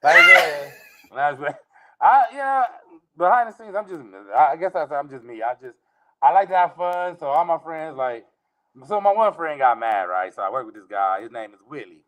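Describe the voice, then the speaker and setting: A middle-aged man, a comedian guest, telling casual funny stories with lots of laughter and sudden jumps into high mock voices. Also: expressive, moderate pace, dull audio.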